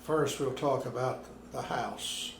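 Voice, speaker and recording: Gravelly, slow-spoken man in his nineties. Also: mid-range voice. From Arkansas, USA. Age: 90s. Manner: slow, unhurried storytelling with pauses. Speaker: retired minister, interviewee. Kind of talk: oral history interview. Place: his apartment at home. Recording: roomy home recording with background noise.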